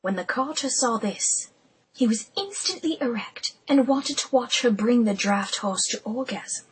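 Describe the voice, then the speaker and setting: A woman narrating an audiobook in a hushed, intimate whisper. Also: high-pitched, breathy edge, rough recording.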